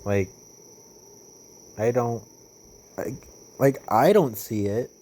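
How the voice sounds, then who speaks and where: A young man rambles through a casual vlog, swearing freely and restarting his sentences with filler words. His voice sits at a middle pitch and turns lively when he retells what happened at work. Faint crickets chirp behind him. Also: slow pace, a little hiss or hum. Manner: animated when retelling stories. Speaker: vlogger. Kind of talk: casual monologue.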